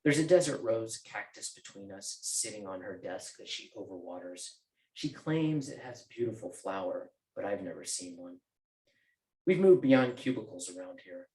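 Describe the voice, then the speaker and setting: A man's voice: on the low side, very animated, moderate pace, darkish tone. A male author reading from his novel at a bookstore event, with casual joking asides. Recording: roomy bookstore echo.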